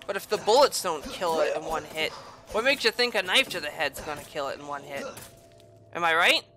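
A woman's voice: low-pitched, expressive, a little fast, music in the background. A young woman giving crude, jokey let's play commentary on a horror game, swearing often and yelping when startled. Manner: yelps and shouts when startled. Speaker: gamer playing a horror game.

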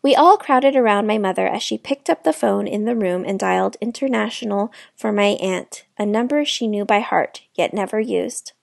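A woman reading a children's novel aloud with clear storytelling narration. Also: medium pitch, moderate pace, few pauses, dry recording, clean studio sound. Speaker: children's book reader.

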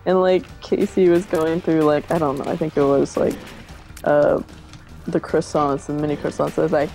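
A woman chatting casually on a game stream, talkative and quick to giggle. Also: low-pitched, steady tone, gravelly, warm tone, soft background music.

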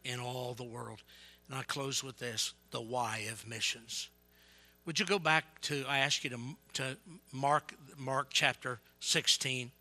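A man evangelist preaching a sermon, telling stories with energy and yelling to get his point across. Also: medium pitch, a little slow. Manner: yells and gets fired up; animated storytelling.

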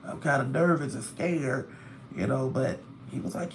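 A man's voice: mid-range voice, moderate pace, slight background noise. A tired man, live streaming from a hospital room, reading viewers' comments and venting about the bills. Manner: chatty, vents and complains loudly about hospital bills. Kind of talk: casual live stream chat.

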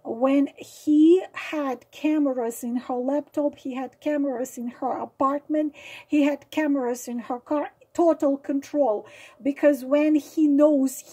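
A woman's voice: high voice, fairly even intonation, measured pace, dark tone, poor audio. A woman tarot reader explaining a card through real-life stories, hesitant with many fillers and leaning hard on dramatic words.

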